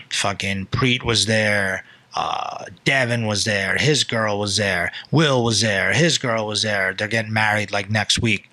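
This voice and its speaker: A young man casually telling a loose, profane story on a podcast, jumping into quick impressions of people. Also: fairly low pitch, bright, forceful tone, no room sound.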